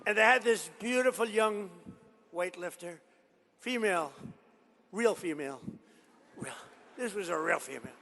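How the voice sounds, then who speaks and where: Rambling man at a rally, gravelly voice. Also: sits high, expressive, normal speed, long pauses, sharp tone. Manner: rambling storytelling with boastful asides; repetitive, emphatic phrasing. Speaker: politician addressing a rally. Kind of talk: rally speech. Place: large event venue. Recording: long hall reverb from a big venue.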